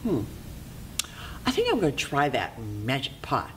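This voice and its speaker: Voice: medium pitch, huge pitch swings, unhurried, recorded from a distance, slight background noise. A storyteller voicing a hungry mother who mutters to herself and grows flustered.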